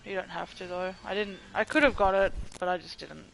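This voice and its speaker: A young man chatting casually to his viewers during a game livestream, excitable and swearing often. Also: sits high, fairly quick, creaky, poor audio. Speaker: gaming livestreamer. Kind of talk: casual live commentary to chat.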